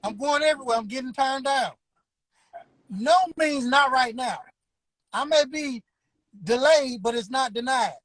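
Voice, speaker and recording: A man in his fifties, a barber school owner, tells his story as an interview guest, emphatic and preacher-like with drawn-out words, in a motivational vein. His voice is very high and a bit bright. The low-quality recording has no room sound.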